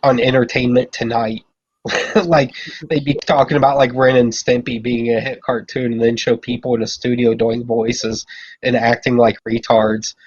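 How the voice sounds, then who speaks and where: A man's voice: mid-range voice, level tone, normal speed, lo-fi sound. A man in casual podcast chat, talking bluntly and complaining in a plain, opinionated way.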